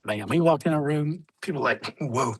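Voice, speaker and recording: A man, a military veteran, telling stories as a podcast guest with many fillers, often clearing his throat. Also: fairly high pitch, expressive, moderate pace, dry recording. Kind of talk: casual storytelling interview.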